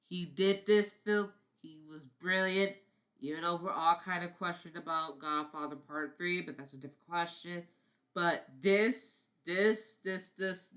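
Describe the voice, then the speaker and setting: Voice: mid-range voice, fairly bright tone. A vlogger ranting casually about favorite films, rambling, repeating words, swearing and often apologizing. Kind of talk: casual film-review vlog.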